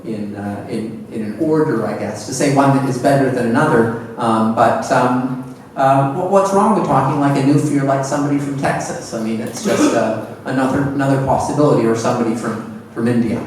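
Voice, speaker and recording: A man's voice: mid-range voice, brisk, darkish tone. A man from Edmonton, a translator and professor, answers a question at a seminar panel in a reflective way, often repeating words as he searches for phrasing. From Edmonton, Canada. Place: lecture hall at a seminar. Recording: echoey hall, distant mic, faint noise.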